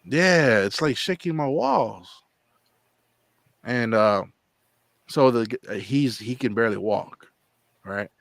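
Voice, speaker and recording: A man's voice: medium pitch, animated, slow, gravelly, long pauses, a bit bright, dry recording. A man hosting his own channel, telling a long rambling story in casual chat, repeating words and acting out what people said. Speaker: channel host.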